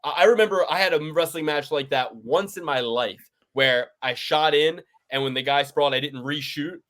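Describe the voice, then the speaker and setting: A man's voice: on the high side, normal speed, fairly bright tone. A man co-hosting a casual podcast chat, ranting and mocking with plenty of profanity. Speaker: podcast co-host.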